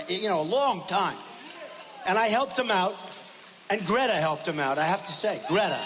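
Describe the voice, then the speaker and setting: Man, rally speech, very high pitch, emphatic, repetitive, long hall reverb. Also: slight background noise. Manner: emphatic, repetitive, punchy short phrases, often shouting. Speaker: political candidate at a rally. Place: large rally venue.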